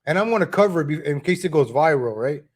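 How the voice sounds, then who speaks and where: A man's voice: a little high, expressive, quick pace. A man hosting a live stream, talking straight to viewers in a casual, scolding way with frequent "right?" tags and chuckles. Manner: repeats himself with tag questions. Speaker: live-stream commentary host.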